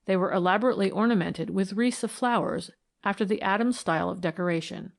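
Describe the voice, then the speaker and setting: A woman narrating a classic mystery audiobook in an even, deliberate reading. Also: mid-range voice, vocal fry.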